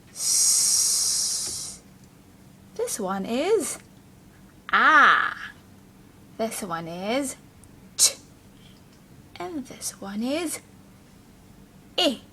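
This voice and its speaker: A woman leads a children's phonics lesson at a very slow, careful pace, stretching out each letter sound. Her voice is bright and swoops up and down with lots of melody as she encourages the little ones and chats to a puppet helper. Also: on the high side, big pitch swings, slight background noise. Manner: sounds out letters one at a time, drawn-out and encouraging.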